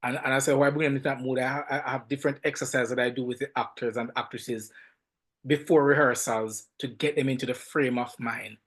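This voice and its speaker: A man with a Jamaican accent, a film director and podcast guest, telling stories in an animated, emphatic way and often repeating words. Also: medium pitch, a little fast. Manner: animated, emphatic storytelling with frequent word repeats. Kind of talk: casual podcast interview.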